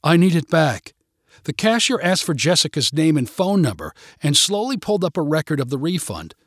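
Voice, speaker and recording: Man reading a story aloud, lively pitch. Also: a little fast, slightly rough, no room sound, studio quality. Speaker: narrator. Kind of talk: scripted story narration.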